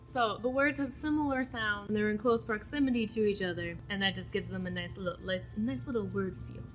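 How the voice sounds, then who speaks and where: A young woman hosting a casual educational video, chatting through poetic terms and reading out examples. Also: on the high side. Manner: chatty, explains terms then reads examples aloud. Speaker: poetry video host.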